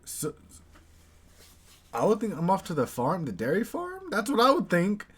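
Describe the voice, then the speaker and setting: A man's voice: high-pitched, wildly swooping pitch, moderate pace, husky. An American man casually reacting to a video, musing aloud and chuckling.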